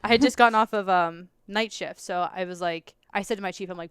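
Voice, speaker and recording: A woman guest on a podcast tells a story in a smooth, clear voice, laughing often and jumping into loud, high bursts when she acts out what she said. The recording is close and dry. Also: fairly quick, few pauses, no room sound. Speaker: podcast guest, law enforcement officer. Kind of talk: animated storytelling in casual chat.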